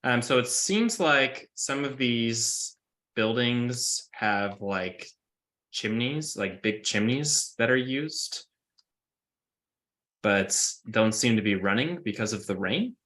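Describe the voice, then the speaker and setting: A man's voice: medium pitch, lively intonation, slow pace, fairly bright tone. A man narrating as game master in a casual tabletop session, describing scenes with many fillers.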